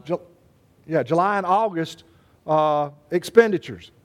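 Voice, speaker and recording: Male pastor, high voice, folksy preaching, jokes with the congregation. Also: lively intonation, unhurried. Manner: folksy, joking, addresses congregation by name. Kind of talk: sermon.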